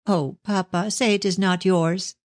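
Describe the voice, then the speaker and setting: Reading an audiobook, a man voices an anxious, tearful young woman pleading with her father, pitching his voice higher than his own. It sits high with a darkish tone at a moderate pace, in a clean studio with no room sound.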